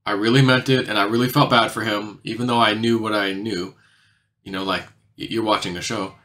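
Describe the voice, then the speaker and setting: A man with a bright, ringing voice talks through a long personal story to his audience. His delivery is loose and rambling, padded with filler words. He often sinks lower and softer to stress a point. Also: fairly even intonation, a little fast. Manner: rambling, heavy on "you know" fillers, drops quieter for emphasis. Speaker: channel host recounting a dream. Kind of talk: casual monologue.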